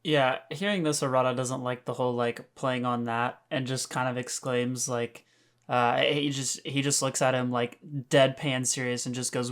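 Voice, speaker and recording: Male tabletop player, casual, quick, mid pitch. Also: fairly even intonation, fairly bright tone, smooth. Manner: casual, quick, describing his actions.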